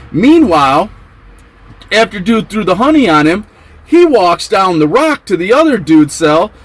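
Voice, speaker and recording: A man telling a story from his time in prison in a casual vlog, acting out the quotes with excited yelps. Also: sits high, rough recording.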